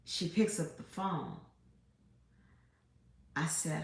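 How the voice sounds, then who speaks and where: Woman, middle-aged, low gravelly voice, unhurried spiritual monologue, echoey room. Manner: slow, drawn-out, meditative delivery with pauses. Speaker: spiritual channel host.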